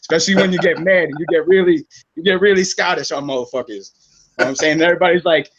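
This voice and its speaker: Brief Guest: man from New York, thirties, a bit high-voiced, rambling and profane, dull lo-fi call audio. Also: fast, background noise. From New York City. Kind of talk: casual online chat.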